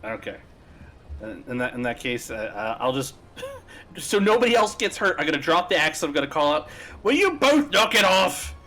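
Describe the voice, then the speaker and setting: Male player, lively and hesitant, slightly high voice. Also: moderate pace. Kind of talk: playing a tabletop game.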